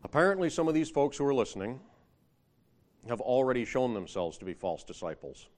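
A man's voice: mid-range voice, sing-song, brisk. A man preaching a sermon in a conversational way, often asking the listeners rhetorical questions and rising in emphasis when he quotes scripture.

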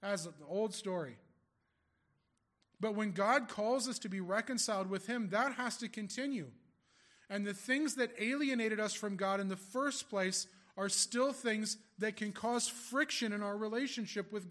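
A man's voice: high voice, fairly bright tone. A man preaching a sermon as a pastor, explaining scripture in a conversational way with rhetorical questions to the congregation.

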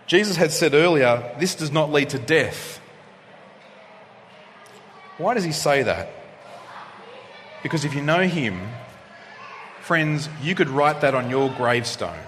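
A male pastor delivering a sermon, preaching expressively and swinging from loud passages to hushed ones. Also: fairly high pitch, lively intonation, measured pace, long pauses. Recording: long reverb of a hall, faint noise.

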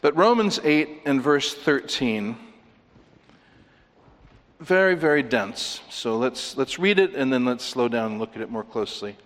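A man preaching a sermon in an earnest manner, slowing down to read scripture and rising to emphatic stresses. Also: medium pitch, lively intonation, fairly bright tone, big-room sound.

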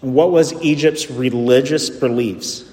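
A man's voice: mid-range voice, measured pace, mellow. A man preaching a sermon in a church, often putting rhetorical questions to his listeners. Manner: asks the congregation rhetorical questions. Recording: echoey hall with long reverb.

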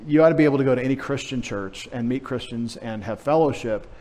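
A man's voice: medium pitch, fast talker, darkish tone. A male pastor preaching a sermon in a conversational, emphatic way with wry humorous asides. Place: church sanctuary. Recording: long hall reverb.

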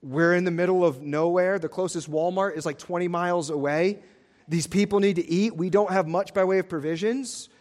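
Anxious, practical disciples plead and fret, their voices high and urgent, as a male preacher puts them on. The sermon's retelling stays close to the preacher's own voice. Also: a little fast, a little mellow, natural voice. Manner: pleading, frantic.

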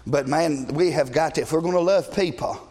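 A middle-aged man preaching a sermon as pastor, blunt and passionate, shouting at times and joking with the congregation. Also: fairly high pitch, brisk. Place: church sanctuary. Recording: long reverb of a large church hall.

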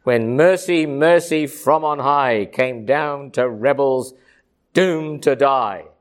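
A man preaching a sermon, swinging from hushed low asides to high ringing emphasis, with rhythmic repeated phrases. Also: takes it slowly. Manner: repetitive, rhythmic lists of phrases.

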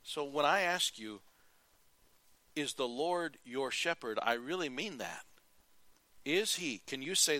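Male pastor, fairly high, bright forceful voice, earnest sermon delivery. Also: expressive, slow, pauses often, dry recording. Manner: earnest preaching, rising to emphatic calls and dropping to quiet.

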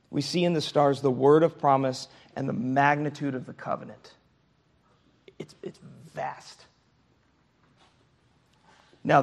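Male Bible teacher, gravelly voice, keeps checking in with the class. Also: mid-range voice, a little mellow. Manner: conversational, often checks in with "okay?" and "right?". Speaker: Sunday school teacher.

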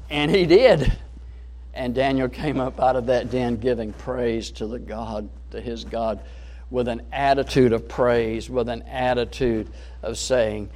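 A man's voice: mid-range voice, steady tone, a little slow, a little mellow. A man preaching a sermon in an earnest, emphatic way, rising and falling in volume.

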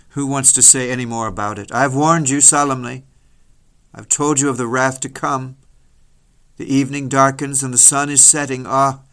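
A man preaching a solemn, dramatic sermon, mostly slow and grave with sudden rises in force. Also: medium pitch, creaky, fairly bright tone. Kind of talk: sermon reading.

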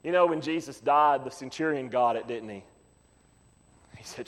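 A man preaching as a pastor, impassioned, breaking into shouts to drive points home. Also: medium pitch, normal speed, long reverb tail. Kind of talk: sermon.

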